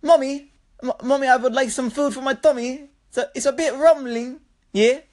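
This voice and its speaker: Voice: high voice, steady tone, normal speed, voice pushed up, close to an everyday voice. A speaker putting on a put-on Australian accent, voicing a young boy who pleads with his mother for food in a childish sing-song. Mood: whiny pleading.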